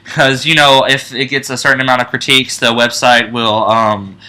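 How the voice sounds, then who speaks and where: A young man co-hosting a casual fan podcast, rambling excitedly with lots of restarts and fillers. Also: mid-range voice, moderate pace, low-quality recording. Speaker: co-host.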